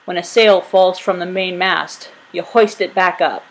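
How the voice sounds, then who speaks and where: A woman voicing a hearty male sailor who calls out loudly. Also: on the low side, fairly even intonation, a little slow. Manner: calling out loudly.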